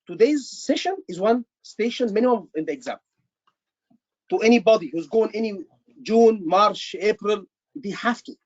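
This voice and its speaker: A man's voice: sits high, expressive, moderate pace, no room sound, lo-fi sound. Man teaching, dry sound. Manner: emphatic, repeats words, says "brother" often. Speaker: medical exam tutor. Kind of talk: online teaching session.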